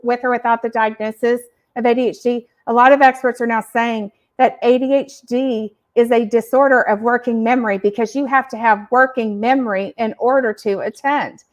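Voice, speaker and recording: A woman podcast host explaining ideas to parents in an animated, emphatic teaching style. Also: fairly high pitch. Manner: animated, emphatic, uses acted examples. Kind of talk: educational explaining.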